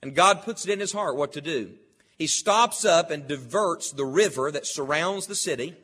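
A man preaching a sermon, reading scripture slowly and deliberately, then teaching in an earnest, emphatic way. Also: fairly high pitch, a bit bright, breathy edge.

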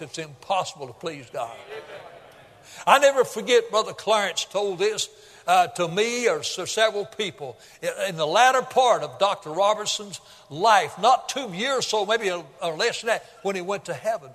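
High-voiced preacher, echoing sanctuary. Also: male voice, expressive, moderate pace. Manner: folksy storytelling, builds to shouting at high points. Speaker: pastor. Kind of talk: sermon. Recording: long hall reverb.

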